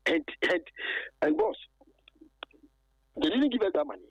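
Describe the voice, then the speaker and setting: A gravelly, husky man talks over a dull, muffled phone line. He stumbles and repeats himself as he airs a grievance, and his pitch leaps up and down. The sound is dry and close. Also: sing-song, no room sound. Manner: halting and aggrieved, stacks repeated words and fillers. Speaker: former footballer calling in. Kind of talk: phone-in interview.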